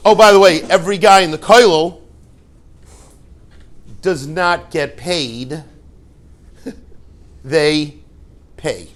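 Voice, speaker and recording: A man's voice: a little high, slow, long pauses. A man, a rabbi and yeshiva head, giving an informal Torah talk to a class, telling stories with rhetorical questions and joking asides.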